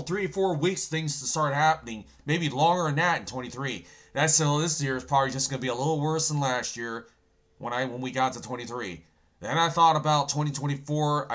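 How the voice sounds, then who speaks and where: A man hosting an end-times prophecy channel, talking loudly and excitedly while browsing news, with a sore throat and a habit of saying "folks". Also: mid-range voice. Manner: loud and excited, often yelling, says "folks" constantly.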